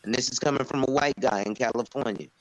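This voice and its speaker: A man's voice: medium pitch, fast, slight background noise, rough recording. A man who sells insurance, talking casually on an open panel and acting out conversations he has had. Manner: storytelling, acts out quoted conversations. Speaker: insurance agent and panel speaker.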